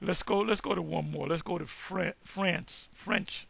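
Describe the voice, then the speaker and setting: A man giving a casual online lecture, reacting to search results in an emphatic, halting way with many restarts. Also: high-pitched, steady tone, creaky, fairly bright tone, slightly rough, no echo. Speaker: online teacher.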